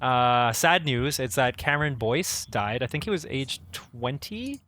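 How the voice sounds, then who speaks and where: A man's voice: mid-range voice, a little slow, slight background noise. A Canadian man co-hosting a podcast, chatting casually, with sentences that rise at the end. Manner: relaxed, rising ends of sentences. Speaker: podcast co-host. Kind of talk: casual chat.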